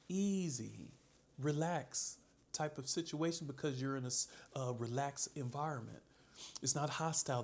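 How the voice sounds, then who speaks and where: A man's voice: on the high side, a little mellow. A man giving casual dating advice as a coach, laid-back and calling the listener bro.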